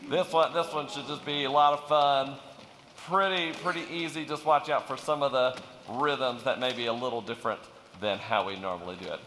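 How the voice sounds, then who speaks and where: A man's voice: medium pitch, fairly quick, pushed and bright, reverberant, big-room sound, a little hiss or hum. A man leading a choir rehearsal, upbeat and encouraging, who counts in and scats the rhythms aloud. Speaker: choir director. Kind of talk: rehearsal instruction.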